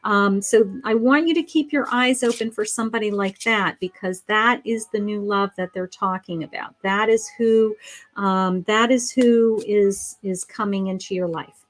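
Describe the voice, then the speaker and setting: A woman's voice: mid-range voice, normal speed. A middle-aged woman, a psychic, giving live tarot readings to viewers in a chatty, affectionate way, thinking aloud with frequent ums and restarts. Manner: chatty, affectionate, calls viewers sweetheart and honey.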